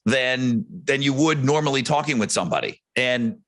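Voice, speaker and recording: A man's voice: moderate pace, a bit bright. A man who hosts radio, chatting casually on a podcast and acting out quotes in his stories. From United States. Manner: storytelling, acts out quotes with big pitch swings.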